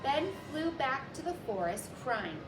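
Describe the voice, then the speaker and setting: A woman hosting a library story time, reading a picture book aloud gently to children and showing a simple craft. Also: high voice, big pitch swings, measured pace, background noise. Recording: echoey room with background music.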